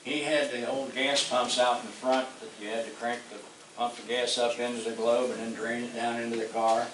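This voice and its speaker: An older man from southwest Ohio presenting local history to a meeting, relaxed and reminiscing. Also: medium pitch, normal speed. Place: meeting hall. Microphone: distant room mic. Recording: echoey hall, distant mic, faint noise.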